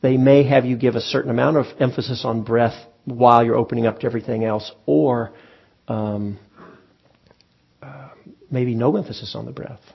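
Gravelly-voiced man giving a dharma talk. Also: mid-range voice, moderate pace, highs cut off. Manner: relaxed, conversational, frequent ums and restarts. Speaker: meditation teacher. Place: meditation hall with audience.

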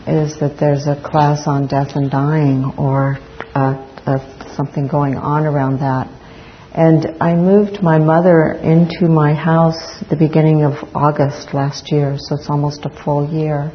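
A middle-aged woman gives a Buddhist dharma talk in a low, even voice, slow and reflective, pausing often between thoughts. The recording is dull and lo-fi, with a faint room hum behind her. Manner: slow, reflective, with many pauses and fillers.

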